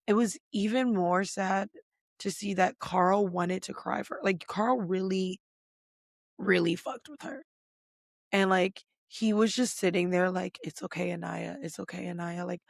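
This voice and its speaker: A podcast host with a medium-pitched, gravelly voice rants bluntly and profanely through a casual pop culture recap, stuffing in lots of "like" fillers. The recording is dry and clean, with studio sound.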